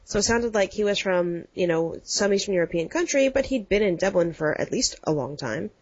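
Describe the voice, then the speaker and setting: American woman, podcast co-host, chatty storyteller, mid pitch, dry lo-fi recording. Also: animated, brisk, darkish tone, dry recording. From United States. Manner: rambling storyteller, acts out quotes. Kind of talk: casual chat. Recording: dull lo-fi dry sound.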